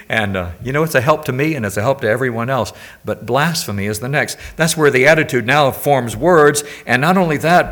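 An older male preacher delivers a sermon in a relaxed, conversational way. His voice sits at a middle pitch, and he weaves in personal stories and frequent questions to the congregation. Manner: conversational, anecdotal, asks the audience questions.

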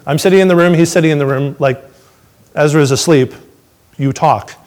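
A man telling his testimony to a congregation, swinging between excited storytelling and hushed, reflective moments. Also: fairly high pitch, fairly quick. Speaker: father sharing a testimony.

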